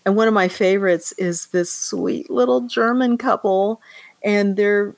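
A woman's voice: mid-range voice, steady tone, a little slow, vocal fry, no room sound. A woman co-hosting a podcast, chatting casually about a film and retelling scenes with acted quotes and frequent laughs. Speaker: podcast co-host.

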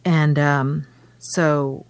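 Low-voiced woman discussing a novel. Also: little pitch movement, drawn-out words, clean tone, dry recording. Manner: reads novel passages aloud between chat. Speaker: podcast co-host. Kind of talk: casual book discussion.

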